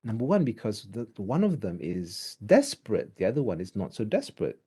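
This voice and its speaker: Animated Malaysian man teaching drama. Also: on the low side, brisk, husky. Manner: animated, mixes English with Malay; acts out examples while teaching. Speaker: drama lecturer. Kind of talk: online drama lecture.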